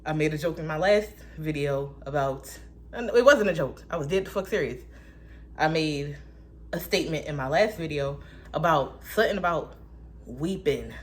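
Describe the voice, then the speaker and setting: A young woman vlogging a casual faith monologue, candid and profane, with animated asides and quick voice-switching quotes. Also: deep voice.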